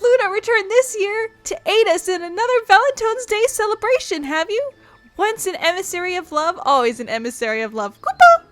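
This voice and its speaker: A woman's voice: very high-pitched, big pitch swings, a little fast, voice pushed up. A woman voicing a harried, fussy little male moogle postman who grumbles in formal, old-fashioned phrases. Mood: fussy exasperated.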